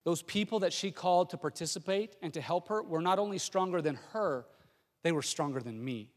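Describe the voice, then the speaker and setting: Preaching a sermon built around a personal story, a middle-aged pastor speaks in a high, brisk voice. He's lively but often stumbles and restarts sentences, and a long reverb from a large hall hangs on his words.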